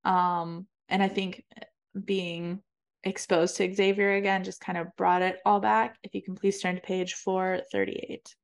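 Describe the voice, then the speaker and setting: Slow, flat-voiced woman recapping a book. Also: fairly low pitch, vocal fry, clear, resonant tone. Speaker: podcast co-host. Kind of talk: casual book-discussion chat.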